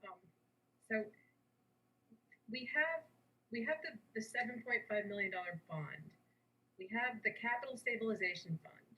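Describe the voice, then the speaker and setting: A woman chairing a virtual school committee meeting, asking casual questions with halting restarts. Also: mid-range voice, bright, forceful tone, slight background noise, poor audio. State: sleepy, yawning.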